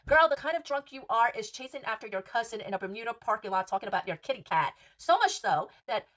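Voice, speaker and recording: A woman's voice: fairly high pitch, lively intonation, fairly quick, hardly any pauses, fairly bright tone. A woman hosting a podcast, recapping reality TV gossip in a sassy, profane and emphatic way. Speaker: podcast host.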